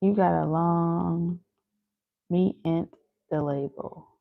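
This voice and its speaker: A woman's voice: fairly low pitch, steady tone, slow pace, gravelly. A woman chatting casually and teasingly with viewers on a live stream, laughing easily. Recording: phone-like lo-fi audio.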